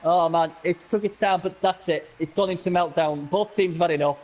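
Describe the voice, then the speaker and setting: A man commentating a video game match casually, excitable and laughing often, with many restarts and repeats. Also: high-pitched, fairly quick, muffled recording.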